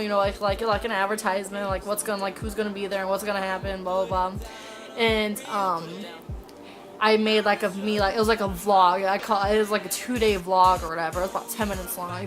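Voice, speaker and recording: A woman from Indiana telling a story in a casual vlog, excited and rambling, filling her talk with "like". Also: medium pitch. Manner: excited, rambling, heavy use of "like". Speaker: vlogger.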